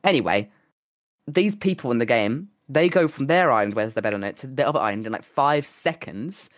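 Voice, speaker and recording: Fast-talking animated young man. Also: medium pitch, no echo. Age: young adult. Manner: animated, swearing, acting out quotes. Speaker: podcast co-host and streamer. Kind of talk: casual chat.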